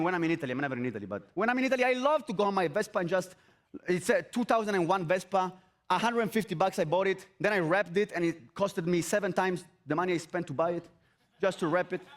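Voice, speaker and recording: A man giving an energetic motivational talk on an event stage. He repeats his phrases and asks the audience rhetorical questions. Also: sits high, fast talker. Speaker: motivational speaker.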